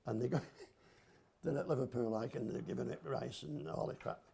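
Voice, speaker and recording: A man's voice: mid-range voice, normal speed, gravelly, warm tone. An older man, a grandfather telling rambling football stories in casual slang. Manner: rambling, homely storyteller with local slang. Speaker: podcast guest, grandfather. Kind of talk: casual chat, storytelling.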